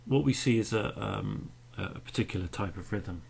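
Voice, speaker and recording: A man's voice: fairly low pitch, expressive, normal speed, gravelly, darkish tone, a little hiss or hum. A man teaching a recorded poetry lesson, patiently explaining meter and beating out the stresses aloud.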